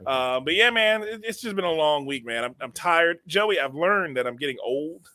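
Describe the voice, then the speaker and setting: A man in his late thirties rambles through a casual comedic podcast chat, repeating words and laughing often. His voice is bright and a little high, recorded close and dry. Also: lively intonation, normal speed, no room sound. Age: 30s. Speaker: podcast co-host.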